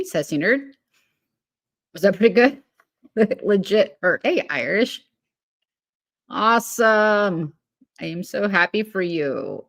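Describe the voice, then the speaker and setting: A woman hosting a casual livestream, greeting viewers by name and giggling, then rambling with many fillers. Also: mid-range voice. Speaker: livestream host.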